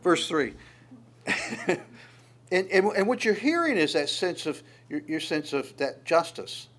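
A man preaching a sermon, lively and conversational, often stammering on repeated words and acting out quoted voices. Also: fairly high pitch, measured pace. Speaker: pastor.

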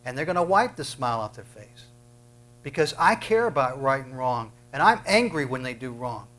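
A man's voice: mid-range voice, big pitch swings, normal speed, a little hiss or hum, poor audio. A man preaching a sermon, emphatic, punching out commands and often repeating words as he starts a thought. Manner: emphatic, bursts loud on commands.

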